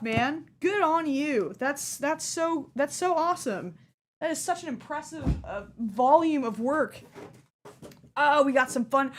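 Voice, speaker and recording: Bubbly high-voiced woman unboxing gifts. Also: fairly bright tone. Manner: bubbly, gushing, easily delighted. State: hiccups. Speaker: streamer opening a fan package. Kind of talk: casual unboxing chat.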